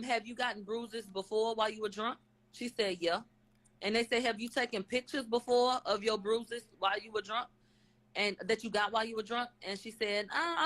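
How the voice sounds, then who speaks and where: A woman's voice: medium pitch, a bit bright, low-quality recording. Casual woman retelling a court hearing. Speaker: channel host recapping a court hearing. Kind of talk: casual live-stream retelling. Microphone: webcam or phone on a live stream.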